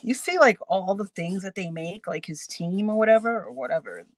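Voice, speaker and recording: A woman's voice: mid-range voice, moderate pace. A woman hosting a crafting live stream, chatting casually with her viewers and laughing often as she works. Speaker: crafting channel host.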